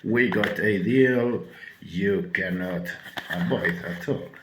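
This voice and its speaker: A man with a cold gives a laid-back perfume review, swearing often and stopping on "uh" between thoughts. His voice sits very low and moves slowly. The room adds a noticeable echo. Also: noisy background. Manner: halting, full of filler words and swearing. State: sick with a cold. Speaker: fragrance reviewer. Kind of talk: casual product review.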